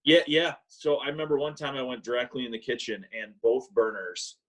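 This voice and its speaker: A man co-hosting a casual podcast over a call, telling animated stories and mimicking people in a high voice. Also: a little fast, rough recording. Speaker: podcast co-host. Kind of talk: casual chat, storytelling. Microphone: remote call mic.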